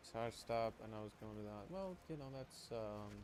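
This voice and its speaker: A man's voice: lowish voice, lively intonation, normal speed, darkish tone, a little hiss or hum. A man streaming casually, rambling and swearing as he talks with chat and trails off mid-thought.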